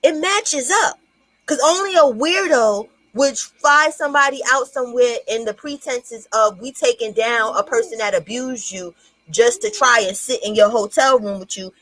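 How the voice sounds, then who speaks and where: A woman's voice: fairly high pitch, moderate pace, a bit bright, no echo. A young woman hosting a casual commentary livestream from home, talking loosely and profanely to her viewers while her young child is nearby. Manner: profane, chatty, addresses viewers as y'all. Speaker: livestream host.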